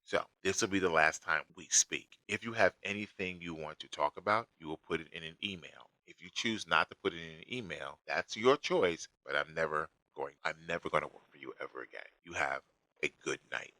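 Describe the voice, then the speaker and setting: Deep, blunt man telling his story. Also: sharp tone, no room sound, low-quality recording. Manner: blunt, emphatic, recounting events step by step. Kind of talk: personal storytelling monologue.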